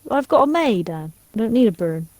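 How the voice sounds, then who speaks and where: A woman's voice: a little high, big pitch swings, a little fast, a little mellow, dry recording. A woman playing a game with her father, practical and reassuring, steering what they do next. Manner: practical, reassuring, takes charge. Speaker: co-player, the host's daughter. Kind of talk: casual co-op gameplay chat.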